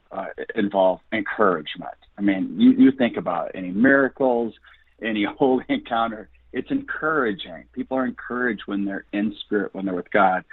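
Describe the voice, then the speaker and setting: A man's voice: on the low side, breathy edge, no echo. Earnest man on a tinny phone line. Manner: earnest, preachy, encouraging. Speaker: guest, ministry founder. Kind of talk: enthusiastic radio interview talk. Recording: dry phone-line audio.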